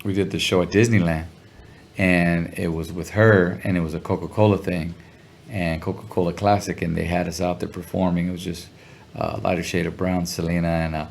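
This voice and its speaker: A man telling a story in a relaxed interview, talking in slang and sounding animated when he quotes people. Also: low voice, fairly quick, vocal fry, a little hiss or hum. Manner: laid-back, slangy, animated when quoting others. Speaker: guest musician.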